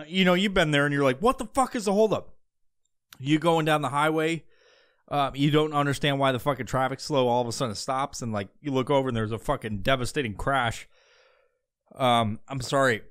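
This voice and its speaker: A man's voice: mid-range voice, fairly quick, fairly bright tone, smooth. A man hosting a podcast, rambling crudely and sarcastically with lots of fillers and swearing. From Pacific Northwest. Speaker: podcast host. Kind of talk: casual profane monologue. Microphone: podcast mic.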